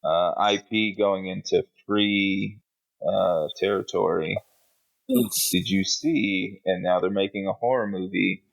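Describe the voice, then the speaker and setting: A man's voice: sits low, slow pace, vocal fry. A man co-hosting a podcast, chatting casually in a blunt, profane, sarcastic way. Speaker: podcast co-host. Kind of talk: casual chat. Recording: muffled lo-fi audio.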